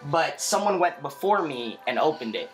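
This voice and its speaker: A young man telling a story as a podcast co-host, animated, laughing often and full of fillers. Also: fairly high pitch, moderate pace, music in the background. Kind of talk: casual storytelling chat.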